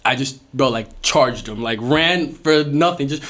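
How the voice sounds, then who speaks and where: A young man hosting a podcast, telling a story in a casual, animated way, with lots of swearing and laughter. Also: medium pitch, measured pace. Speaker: podcast host. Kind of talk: casual storytelling among friends. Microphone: podcast studio mic.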